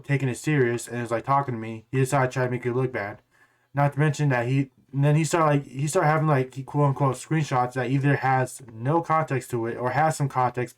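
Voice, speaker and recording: A man tells a long story straight to camera in a loose, rambling way. He keeps doubling back on his words and curses offhandedly. His voice sits at an ordinary middle pitch. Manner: rambling, repeats words and restarts; blunt, swears casually. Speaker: gaming YouTuber.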